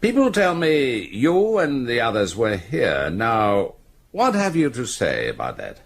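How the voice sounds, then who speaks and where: Gravelly, hot-headed old police chief for radio drama, husky, wildly swinging delivery. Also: male voice, mid-range voice, wildly swooping pitch, measured pace, heavily acted. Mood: irate. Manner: blustering, bullying, swings to shouting. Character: blustering older male chief constable, hot-tempered. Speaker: chief constable.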